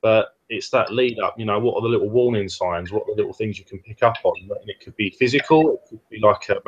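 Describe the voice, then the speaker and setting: A man's voice: fairly low pitch, muffled recording, slight background noise. A man co-hosting a casual webcast chat, explaining things step by step with hesitant fillers. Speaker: co-host, personal trainer.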